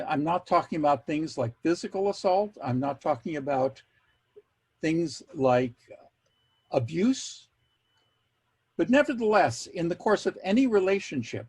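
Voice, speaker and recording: Male workshop presenter on a video call, slightly raised pitch, a bit raspy, measured delivery with dry humor. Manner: measured, wry asides, repeats key words for emphasis. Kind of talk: online workshop talk.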